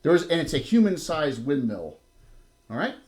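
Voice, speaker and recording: A man's voice: a little high, very animated, normal speed, a little mellow. A man with a South Jersey accent, narrating a tabletop game as game master in a loose, chatty way with many fillers.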